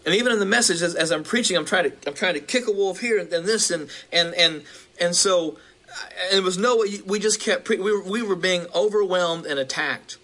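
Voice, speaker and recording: A male preacher recounting a vision, halting with restarts and building in intensity. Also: high-pitched, bright, forceful tone.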